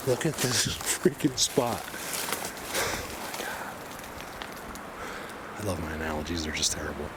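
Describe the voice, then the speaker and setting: Excitable rambling man in a forest. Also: rumbling low, a little slow, long pauses. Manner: rambling and excitable, drops to hushed tones. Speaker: bigfoot researcher vlogger. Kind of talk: casual walking vlog. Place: outdoors in a forest. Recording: outdoor ambient noise.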